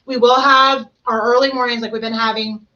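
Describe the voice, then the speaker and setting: Bright, chatty woman from Ohio hosting. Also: a little high, a little fast, highs cut off. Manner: chatty, animated, laughs often. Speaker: podcast host and cafe owner. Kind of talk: casual chat.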